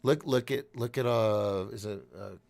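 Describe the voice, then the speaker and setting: A man with a fairly low, gravelly voice hosts a relaxed live stream, reading chat comments aloud. He rambles, restarts his sentences and thinks out loud as he goes. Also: measured pace.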